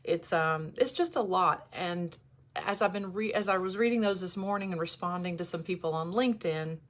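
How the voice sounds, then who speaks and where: A woman in her forties talking candidly to viewers on a livestream, emotional and close to tears, halting and restarting. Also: lowish voice, fairly even intonation. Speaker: host. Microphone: camera in front of her.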